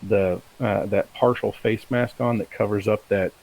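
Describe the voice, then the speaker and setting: A man's voice: lowish voice, fairly even intonation, a little slow, creaky, a little mellow, poor audio. A man as a player, hesitantly describing what his character does. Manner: hesitant, lots of fillers.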